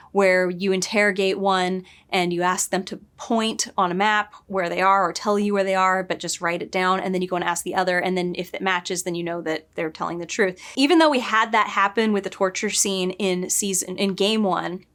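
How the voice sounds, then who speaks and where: A woman talks through a game she is watching in a loose, chatty way. She is opinionated and throws in quick asides. Her voice sits at an ordinary middle pitch. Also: fairly even intonation, a bit bright. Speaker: book editor reviewing a game. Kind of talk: casual commentary over gameplay.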